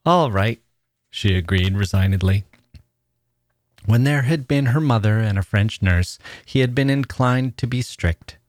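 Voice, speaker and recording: Podcast host as narrator: man, low voice, measured literary reading, dry sound. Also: darkish tone, no echo.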